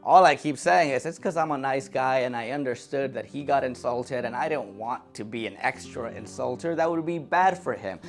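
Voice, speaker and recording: A young man telling a personal story in a comic vlog, animated and acting out quotes in different voices. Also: medium pitch, moderate pace, few pauses, faint music behind. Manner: animated, acts out his own thoughts and other people in quoted voices.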